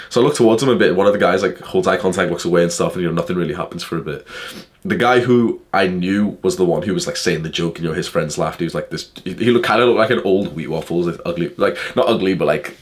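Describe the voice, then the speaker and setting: A young man tells a personal story in casual vlog style. His voice sits low and he talks at a rapid clip, with profanity and constant "like" fillers driving an animated retelling. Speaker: vlogger.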